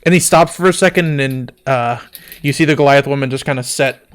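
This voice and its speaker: A man's voice: medium pitch, fairly quick, clean tone. A man narrating a tabletop game as game master, playful and laughing often.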